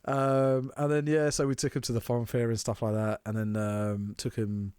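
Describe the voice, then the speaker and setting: Sweary bloke telling a story. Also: male voice, lowish voice, brisk, smooth, no echo. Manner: swearing anecdote with animated quoted voices. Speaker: podcast co-host. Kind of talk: casual chat.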